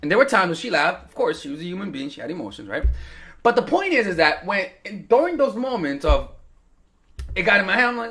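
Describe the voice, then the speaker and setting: A young man coaching women on dating, his voice high and bouncing all over the place. He tells his story loosely, swears freely and acts out the voices of people he quotes. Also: big pitch swings, a little fast, bright, forceful tone. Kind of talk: casual talking-to-camera advice.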